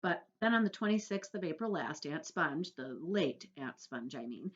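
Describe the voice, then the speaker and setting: A woman's voice: fairly low pitch, lively intonation, moderate pace, lo-fi sound, close to an everyday voice. Prim, tearful female spider, dramatic storyteller, read by a woman.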